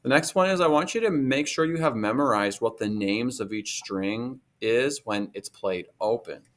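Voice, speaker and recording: A man's voice: medium pitch, normal speed. A man teaching a guitar lesson, patiently explaining finger positions step by step. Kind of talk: recorded music lesson.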